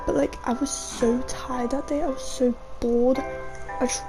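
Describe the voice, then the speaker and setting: A woman's voice: high-pitched, level tone, a little slow, over music, rough recording. A chatty young woman, rambling casually over her gameplay and often saying "mate". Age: young adult. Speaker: gaming vlogger.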